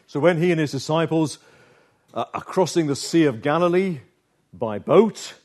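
A man preaches a sermon with slow, dramatic delivery, pausing often and dropping his voice low and soft for emphasis.

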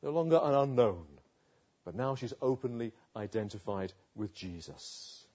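A man preaching a sermon, retelling a story with rhetorical questions and dramatic pauses. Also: medium pitch, expressive, mellow, muffled recording.

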